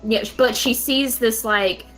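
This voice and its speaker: A woman's voice: a little high, measured pace, a bit bright, faint music behind. A woman player in a tabletop game, describing her character's actions in a dry, understated way.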